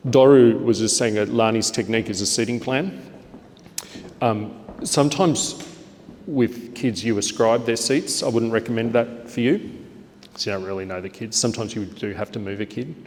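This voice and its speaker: An Australian man giving a lively workshop talk to teachers, acting out classroom lines with a bigger, brighter voice. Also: lowish voice, moderate pace, big-room sound, a little hiss or hum. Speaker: teacher trainer.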